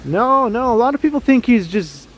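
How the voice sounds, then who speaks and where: A man's voice: very high voice, very animated, normal speed. A man from Canada hosting a casual livestream while walking a snowy street, greeting chat viewers by name and laughing often. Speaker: livestream host. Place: snowy city street outdoors at evening.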